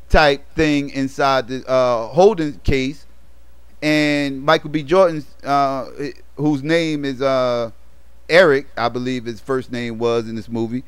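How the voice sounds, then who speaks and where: A man's voice: fairly high pitch, clear, resonant tone, no room sound. A man casually retelling a movie plot for his review, rambling with lots of fillers and slang.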